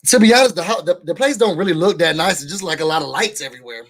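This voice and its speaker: A man from New York reviewing a reality show for his viewers in casual chat, an animated, slangy storyteller. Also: on the high side, racing. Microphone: studio microphone.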